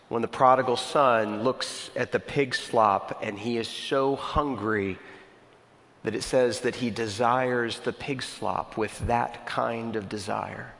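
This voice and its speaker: A male pastor delivers a sermon in a church hall, and his voice trails off into a long reverb tail. He tells stories in a relaxed, conversational way and slows almost to a crawl whenever he wants a point to land. His pitch sits at an ordinary middle for a man. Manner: storytelling, slowing down to stress key words.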